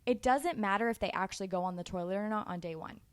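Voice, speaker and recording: A woman in her twenties giving casual, animated parenting advice in a chatty way, laughing easily. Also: mid-range voice, fast talker. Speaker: parenting vlogger.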